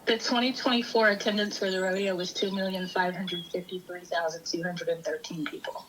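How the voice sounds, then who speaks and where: A woman's voice: lowish voice, little pitch movement, brisk, fairly bright tone, slight background noise, poor audio. A woman from Texas, chatting casually as a podcast co-host, easygoing with lots of fillers and laughs. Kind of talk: casual chat. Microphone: remote call.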